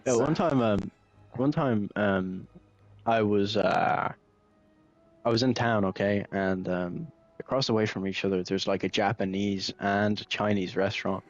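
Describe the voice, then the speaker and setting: Man, lowish voice, halting casual pun storyteller. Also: dull audio, faint music behind. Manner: storytelling with many ums and repeated "okay". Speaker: friend telling jokes. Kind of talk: casual chat with friends.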